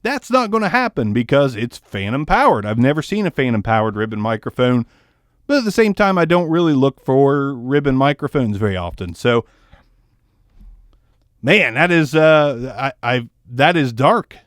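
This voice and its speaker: A man talks through a microphone test in a loose, rambling way, joking at his own expense. His voice is smooth and resonant, recorded close and dry, with his Southern US accent mostly held back. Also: medium pitch, big pitch swings, moderate pace, no room sound. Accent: tones down a Southern US accent. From American South. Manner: rambling, joking, self-deprecating. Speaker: microphone reviewer. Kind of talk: casual mic test review. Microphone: ribbon microphone, close and moved around.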